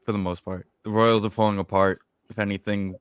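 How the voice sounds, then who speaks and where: A man's voice: fairly low pitch, little pitch movement, fairly quick, smooth, dry recording, lo-fi sound. A man co-hosting a podcast in casual sports chat, joking and swearing freely as he talks. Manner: profane, joking, loose banter. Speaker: podcast co-host.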